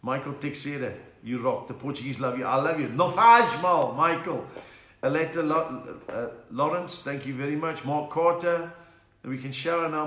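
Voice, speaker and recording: A man's voice: medium pitch, fairly bright tone. A South African man hosting a live stream from home, chatting casually, punning and reading out viewers' names. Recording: echoey room.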